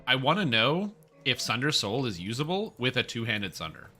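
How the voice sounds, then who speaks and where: A man's voice: mid-range voice, very animated, normal speed, bright, forceful tone, breathy edge, faint music behind. A young man streaming a game, chatting casually and rambling as he jokes and answers chat. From Canada.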